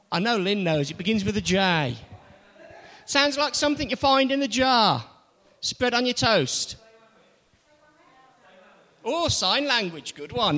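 A man leads an interactive sermon, teasing and quizzing his congregation. His voice sits high and swoops animatedly, while his unhurried pace leaves room for answers. Long reverb from the church hall trails every phrase. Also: pushed and bright. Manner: playful, quizzing the audience. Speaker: preacher.

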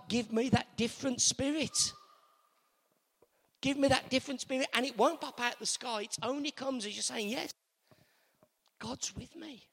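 Male preacher, high lively voice, hall reverb, call-and-response sermon. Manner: animated, repetitive call-and-response with congregation. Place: church.

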